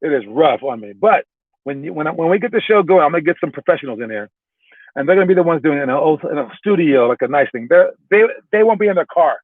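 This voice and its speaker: A man coaching basketball talks through a relaxed, wandering lesson from his car and pokes fun at himself. His voice sits a little high. The sound is thin and phone-like, with a dry, close feel. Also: quick pace, dry recording. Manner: loose and rambling, checks in with "all right?"; self-mocking. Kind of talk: casual spoken coaching lesson.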